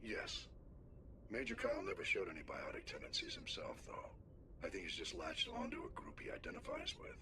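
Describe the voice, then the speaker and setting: An actor playing a stern veteran male admiral giving a measured, gruff military briefing in a video game. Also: extremely high pitch, wildly swooping pitch, exaggerated voice. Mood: grave. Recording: game audio with noisy background.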